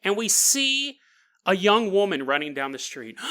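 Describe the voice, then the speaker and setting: Jokey, animated male podcast host. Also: high voice, brisk. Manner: jokey, rambling, laughs often. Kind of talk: comedic storytelling.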